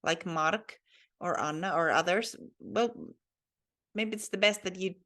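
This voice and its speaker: A woman's voice: on the low side, a little slow, a bit bright. A woman teaching a recorded language lesson, spelling letters out carefully and often admitting she is unsure.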